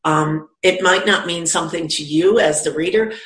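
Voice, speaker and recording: A woman's voice: lowish voice, normal speed, roomy sound, rough recording. A woman who works as a psychic medium and teacher, telling stories in casual conversation and acting out the voices she quotes. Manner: animated, acts out quoted voices.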